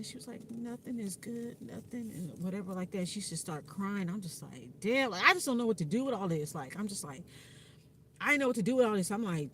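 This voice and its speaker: A woman's voice: mid-range voice, a little hiss or hum. A woman vlogging in a frank, profane way, with lots of fillers. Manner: candid, frank and profane, with frequent fillers and laughs. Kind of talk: casual personal vlog talk.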